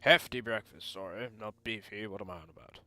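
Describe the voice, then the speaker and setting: Hearty storybook father, loud and theatrical, a bright put-on accent, as a man reads him. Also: fairly low pitch, a little fast, no room sound, faint music behind, pitched below the performer's own voice. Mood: jovial. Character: jovial booming middle-aged father.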